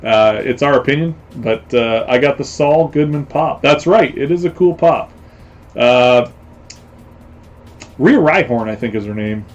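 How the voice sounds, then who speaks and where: A man's voice: mid-range voice, unhurried, muffled recording, soft background music. A man hosting a casual live stream, rambling along with lots of fillers and repeated phrases. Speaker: host.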